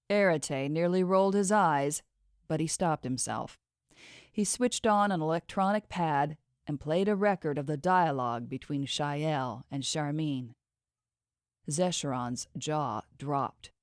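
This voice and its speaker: A woman narrating a fantasy audiobook in a measured, expressive reading. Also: deep voice, no echo, clean studio sound. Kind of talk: scripted fiction narration.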